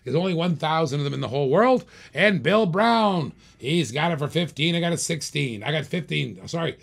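Gravelly, hyped live-auction host man. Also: expressive, quick pace. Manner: hyped, repetitive salesman pitch. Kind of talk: live-stream auction sales patter.

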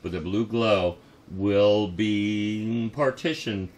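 A man, a model builder, explaining a build in progress and thinking aloud in a measured way. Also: on the low side, darkish tone.

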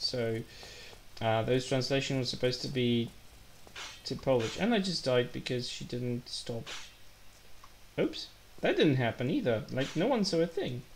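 A man gives relaxed, chatty commentary as he plays a game live. He jokes a lot and laughs at his own blunders, in a middle-pitched voice. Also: a little hiss or hum. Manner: chatty, joking, self-deprecating. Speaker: gaming livestreamer. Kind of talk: casual live gameplay commentary.

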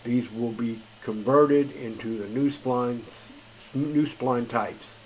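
A man's voice: mid-range voice, slow pace, a little mellow, a little hiss or hum, low-quality recording. A man hosting a gaming channel, reading patch notes in a tired, rambling, casual way. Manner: rambling, filler-heavy, chuckles at himself. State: tired late at night.

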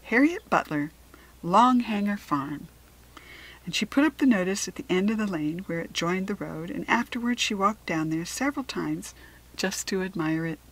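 Breathy woman reading a storybook. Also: lowish voice, low-quality recording. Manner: gentle, measured read-aloud. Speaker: storybook reader. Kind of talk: storybook narration.

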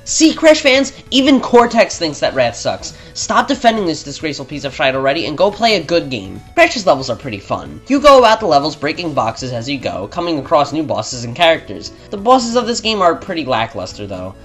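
A man's voice: fairly high pitch, sing-song, a little fast, few pauses, soft background music. A man narrating a scripted game review in a blunt, opinionated, sarcastic manner.

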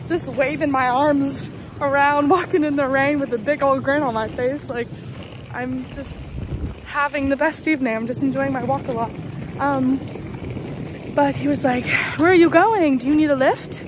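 A young woman vlogging casually and excitably, full of fillers, talking into a handheld phone. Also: high voice, moderate pace. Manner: chatty, excitable, lots of fillers. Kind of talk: casual travel vlog. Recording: noisy phone video outdoors.

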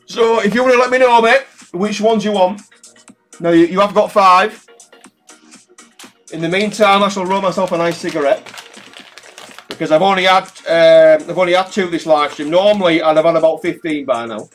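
A man's voice: high voice, moderate pace, pauses often. Chatty man calling everyone mate. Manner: chatty, calls everyone mate, swears casually. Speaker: live-stream card-pull host. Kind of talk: casual live-stream chat. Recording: faint music in the background.

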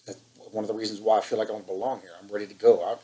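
A man's voice: on the low side, little pitch movement, rapid-fire, warm tone, low-quality recording. A man preaching an impassioned online sermon, fired up and scolding, hammering points with repetition.

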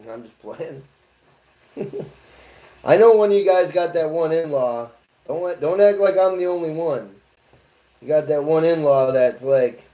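A man's voice: on the high side, moderate pace, warm tone, echoey room, poor audio. A man hosting a casual cooking livestream from his home kitchen, joking loosely, swearing freely and talking to his chat as he cooks. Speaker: livestream host.

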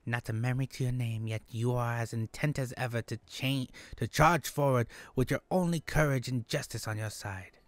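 A man voicing a solemn, formal old woman elder, reading her lines slowly with stumbles. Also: medium pitch, dry recording, close to an everyday voice. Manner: slow, stilted formal delivery with stumbles.

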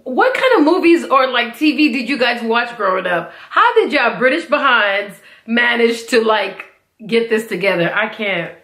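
A woman's voice: fairly high pitch, lively intonation, normal speed, a bit bright, roomy sound. An American woman hosting a reaction video, chatting casually with lots of fillers and giggles. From United States.

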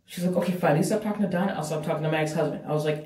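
A woman's voice: sits low, racing, few pauses, recorded from a distance. A woman telling a breakup story to camera, casual, blunt and full of swearing. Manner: profane, blunt, animated storytelling. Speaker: vlogger. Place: bathroom. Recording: echoey bathroom from off-mic.

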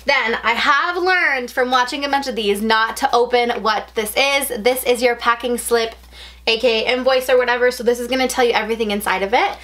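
A young adult woman chatting at home as she unboxes a package, gushing and gasping with excitement as she rambles on. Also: fairly high pitch, a little fast. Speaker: unboxing vlogger.

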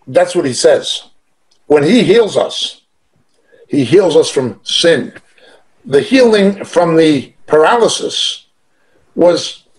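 A man delivers a sermon with a fairly high-pitched voice. He preaches emphatically but conversationally, leaning on personal testimony. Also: darkish tone, rough recording.

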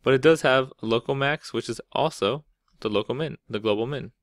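A man's voice: medium pitch, a little fast, no echo, studio quality. A man teaching a math lesson, explaining step by step in a casual way and often checking in with "right?". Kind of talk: classroom lecture.

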